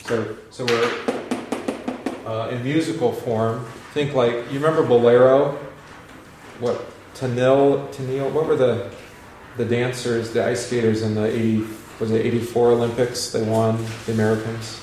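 A man with a voice of ordinary pitch leads an informal Bible class, wandering between points and firing questions at the room. His delivery lifts and gets more animated when he reads out scripture passages. A faint hiss of noise sits under the recording. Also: measured pace, echoey room.

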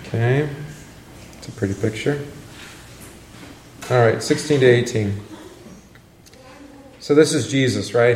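Male Bible teacher, casual and joking with his class. Mid-pitched voice, recorded in a roomy hall. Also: a little slow, pauses often, a little mellow. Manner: chatty, joking, asks the class questions. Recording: echoey room, faint noise.

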